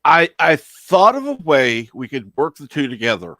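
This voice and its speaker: Wry man, lively pitch, dry sound. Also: normal speed, no room sound. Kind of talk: casual chat.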